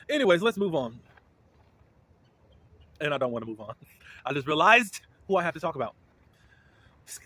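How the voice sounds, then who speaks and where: A man giving casual, blunt commentary as a reality TV recap host, with indignant, animated reactions. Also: a little high.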